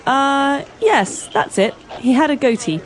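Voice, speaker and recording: A woman's voice: sits high, expressive, unhurried, a little hiss or hum. A woman playing a witness in a scripted lesson dialogue, who describes a robber hesitantly.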